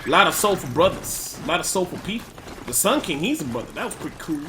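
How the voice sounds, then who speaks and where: A man giving gameplay commentary, thinking aloud and loudly trash-talking enemies with plenty of swearing. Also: fairly high pitch, big pitch swings, fast, noisy background. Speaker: let's play commentator.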